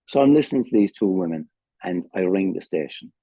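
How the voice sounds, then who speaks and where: A man's voice: low-pitched, warm tone, dry recording, muffled recording. An older man with an Irish accent gives a candid, emotional personal testimony at a recovery meeting, swearing freely, over a video call. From Ireland.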